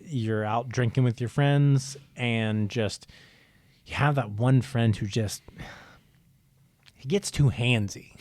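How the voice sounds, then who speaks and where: This young Ohio man speaks with an American accent at a medium pitch and a slightly slow pace. Co-hosting a podcast, he tells a casual story with lively energy, swearing freely and acting out what people said.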